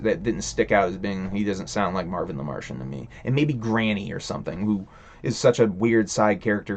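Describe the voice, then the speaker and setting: A man hosting a livestream, ranting in a casual, rambling way, swearing a lot and laughing between thoughts. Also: lowish voice. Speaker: stream host.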